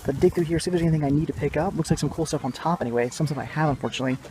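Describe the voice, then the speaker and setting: A man's voice: a little high, very fast, warm tone, a little hiss or hum. A young man hosting a casual vlog outdoors at a yard sale, enthusiastic and rambling, often correcting himself. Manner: enthusiastic, repeats "very cool" and "awesome". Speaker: vlog host.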